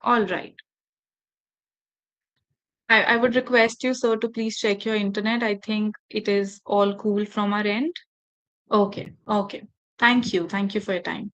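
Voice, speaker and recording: A woman trainer speaks over a video call, guiding a group of teachers through a workshop. She keeps the audience involved and often asks them questions, in a voice of ordinary pitch for a woman. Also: steady tone, unhurried, pauses often, fairly bright tone. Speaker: faculty development trainer. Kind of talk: online training session.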